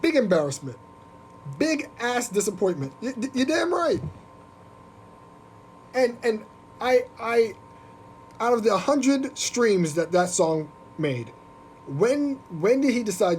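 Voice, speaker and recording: A podcast host ranting on a live stream in an animated, profane, mocking way. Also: male voice, high voice, a little slow, long pauses, a little hiss or hum. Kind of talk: casual live-stream rant.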